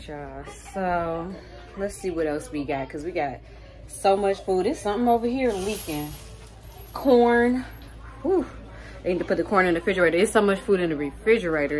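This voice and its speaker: A woman vlogging casually to her viewers from a busy family holiday cookout, chatting as she films on her phone. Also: sits low. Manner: chatty, keeps calling out to viewers. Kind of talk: casual vlog chat to viewers. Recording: crowd chatter behind.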